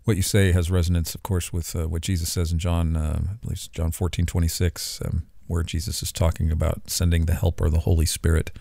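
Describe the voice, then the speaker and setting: A man's voice: deep voice, flat delivery, a little fast, creaky, few pauses, mellow, no echo. A man hosting an interview, responding thoughtfully with many hesitations. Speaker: interview host. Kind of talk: casual interview talk.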